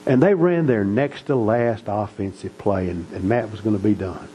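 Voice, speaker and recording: Middle-aged guy preaching, low voice, folksy family stories, faint hum behind. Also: normal speed, warm tone, low-quality recording. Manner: folksy, earnest storytelling. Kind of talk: sermon storytelling.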